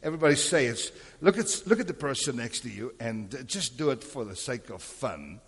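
A husky-voiced male preacher delivering a sermon, often calling on the congregation for an amen. His voice rings out with a long reverb, as in a large church hall. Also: mid-range voice, expressive, moderate pace. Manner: calls for amens and crowd responses. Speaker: pastor.

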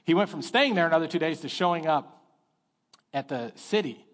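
A middle-aged man preaching a sermon as pastor, telling stories in an animated way and acting out the voices of the people in them. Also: fairly high pitch, a little fast. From Texas. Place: church sanctuary. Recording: long reverb of a church hall.

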